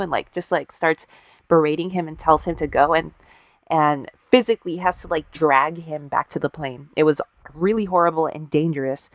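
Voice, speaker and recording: A woman with a lowish voice tells a story to her co-host in a loose, chatty way. She swears freely and adds wry asides. The recording is dry and close. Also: moderate pace, dry recording. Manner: profane, wry storyteller acting out quotes. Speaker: podcast co-host. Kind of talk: casual storytelling chat.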